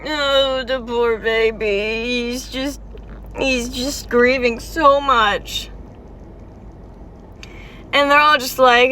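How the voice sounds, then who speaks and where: A woman's voice: on the high side, steady tone, extremely slow, long pauses, sharp tone. A woman reacting to a game's story in casual, emotional vlog commentary, chatty and full of "like" fillers. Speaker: game story reaction vlogger.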